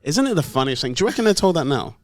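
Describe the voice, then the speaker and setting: Fast-talking teasing man. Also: fairly high pitch, very animated, a little mellow. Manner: quick, teasing interjections. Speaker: former teacher. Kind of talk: casual podcast chat.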